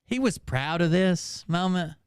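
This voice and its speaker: A man's voice: sits high, expressive, measured pace, music in the background. A man hosting a reaction channel, mocking a clip in profane, incredulous asides. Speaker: commentary channel host. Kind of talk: sarcastic reaction commentary.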